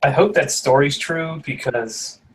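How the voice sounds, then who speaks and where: A man's voice: fairly high pitch, unhurried, poor audio. A man hosting a podcast in casual chat, talking in a sarcastic, chatty way. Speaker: podcast host.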